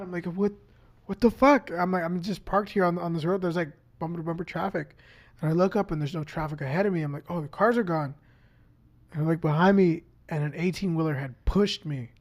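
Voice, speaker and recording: A man, a guest on a podcast, tells a story in casual chat. He talks in an animated way and swears often. He acts out what each person said. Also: sits high, fast talker.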